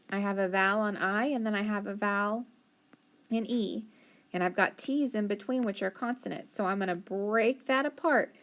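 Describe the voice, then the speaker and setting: A woman with a mid-range voice teaches a phonics lesson. She speaks patiently, sounding out words piece by piece and offering frequent praise. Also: medium pitch. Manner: encouraging, praises often.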